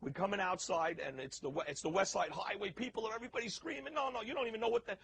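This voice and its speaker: A man giving an emotional eyewitness account, halting and repeating himself as he restarts phrases. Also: high voice, gravelly, fairly bright tone, a little hiss or hum, rough recording. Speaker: eyewitness, building worker.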